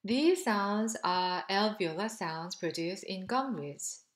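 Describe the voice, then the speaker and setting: A woman teaching pronunciation, speaking slowly and deliberately and repeating syllables for learners to copy. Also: mid-range voice, lively intonation, echoey room. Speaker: language teacher. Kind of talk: pronunciation drill lesson.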